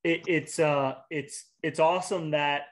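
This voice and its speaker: Halting, rambling interview host, a man. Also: fairly high pitch, fairly even intonation. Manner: rambling, halting with repeated restarts. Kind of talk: casual interview.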